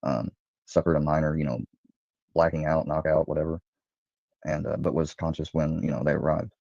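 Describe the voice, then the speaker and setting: A man's voice: very deep voice, level tone, fairly quick, vocal fry, mellow, no echo. A man hesitantly recounting events, with many ums and restarts, heard from a dull played clip.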